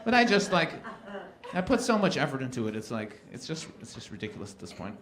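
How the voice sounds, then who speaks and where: A man from Canada performs a stand-up set at a live event, speaking quickly in a mid-range voice. His storytelling is animated, and he plays out the people in his anecdotes.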